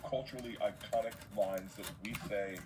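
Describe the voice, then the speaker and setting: A man's voice: fairly low pitch, steady tone, normal speed, noisy background. A man hosting a podcast, talking emphatically in casual chat and swearing for emphasis. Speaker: podcast host.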